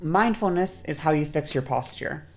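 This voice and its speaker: A woman's voice: low voice, lively intonation, moderate pace, soft background music. A woman streamer casually explaining, demonstrating by sliding her voice up and down, rambling and correcting herself as she goes. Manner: rambling, self-correcting, laughs often.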